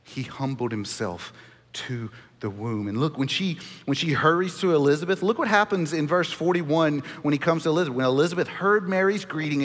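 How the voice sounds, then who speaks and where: Earnest male pastor in a reverberant hall. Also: on the high side. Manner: earnest, drops to a hush on key points. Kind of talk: sermon.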